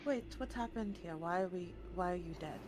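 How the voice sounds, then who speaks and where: A woman's voice: on the low side, moderate pace, noisy background. A woman playing a tabletop game over voice chat, playful and teasing with her questions. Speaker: player. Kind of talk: casual tabletop game play.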